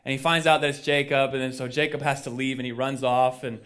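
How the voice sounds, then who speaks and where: A man's voice: mid-range voice, little pitch movement, quick pace, a bit bright. A male pastor preaching a sermon in a casual storytelling way, acting out the people he quotes, with lots of fillers. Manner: chatty with many fillers.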